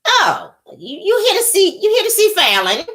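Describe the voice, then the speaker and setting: A woman voicing an awkward, slow-talking older husband who asks fumbling questions in a drawl. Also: extremely high pitch, huge pitch swings, a bit bright, voice pushed up, full character voice.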